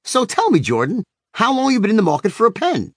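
Man putting on a brash cynical salesman, higher-pitched, blunt, snappy. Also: big pitch swings, fast talker, fairly bright tone, slightly rough, dry recording, studio quality, full character voice. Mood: smooth.

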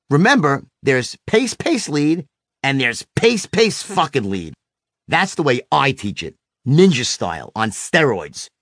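A middle-aged man teaching a sales technique in a brash, animated way, swearing freely and acting out the people in his stories. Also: dry recording, clean studio sound. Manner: brash, swears freely, acts out quotes with big pitch swings. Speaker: sales trainer. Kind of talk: animated teaching monologue with acted anecdotes.

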